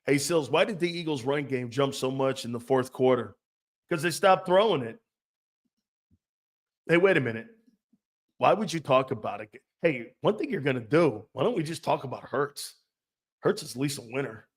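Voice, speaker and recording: A man's voice: medium pitch, expressive, normal speed, pauses often. A man hosting a sports talk show, ranting in a blunt, profane, mocking way and laughing often. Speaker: host.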